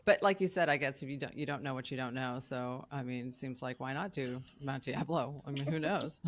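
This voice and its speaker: A woman's voice: extremely low pitch, fairly quick. A woman hosting a podcast interview, asking questions in an encouraging, casual way with plenty of "I mean" and "um". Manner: encouraging, hedging with fillers. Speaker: podcast host.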